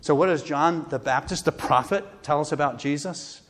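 A man preaching a sermon, earnest and steady, quoting scripture with rising emphasis. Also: a little high, moderate pace. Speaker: pastor. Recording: long hall reverb.

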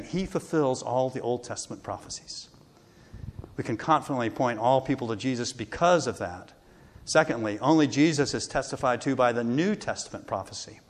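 A male pastor delivers a sermon with earnest conviction, his mid-pitched voice lifting as he quotes scripture. His words ring out with a long reverb, as in a large church sanctuary. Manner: earnest preaching, quoting scripture with rising emphasis.

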